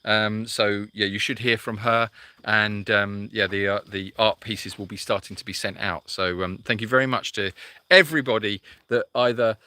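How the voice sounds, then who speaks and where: A man's voice: lowish voice, fairly even intonation, moderate pace, sharp tone. A man hosting a live sanctuary chat, reading out viewer comments and answering in a chatty, rambling way full of fillers.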